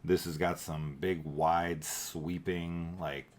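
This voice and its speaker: Deep-voiced man rambling through a movie chat. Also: flat delivery, takes it slowly. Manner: rambling, filler-heavy, thinks aloud. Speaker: podcast co-host. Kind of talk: casual movie review chat.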